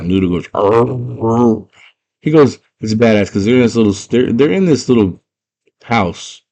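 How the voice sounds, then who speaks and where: Deep-voiced young man, slangy movie recap. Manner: excited slangy storytelling. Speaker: movie fan retelling a film. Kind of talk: casual chat.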